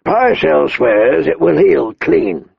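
A man voicing a gruff, hard-drinking middle-aged king who barks and roars his commands. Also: a little high, sing-song, takes it slowly, dry recording, dull audio, exaggerated voice. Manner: blustering, barking commands.

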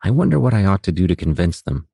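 A man's voice: deep voice, sing-song, quick pace, creaky, dark tone, slightly rough, no room sound, clean studio sound, full character voice. A man voicing a thin, bookish young male wizard who speaks in formal, old-fashioned diction. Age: young adult.

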